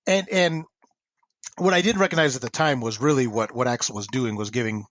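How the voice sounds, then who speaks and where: A man in his forties, a comics writer and podcast guest, telling stories in a chatty, animated way. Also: mid-range voice, brisk, no echo. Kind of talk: casual interview storytelling.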